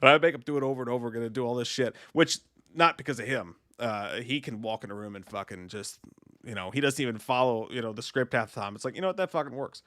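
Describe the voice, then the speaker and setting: A man's voice: mid-range voice, quick pace, fairly bright tone, dry recording. A man co-hosting a casual live stream, swearing freely and rambling in a self-deprecating way. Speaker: co-host of a movie live stream.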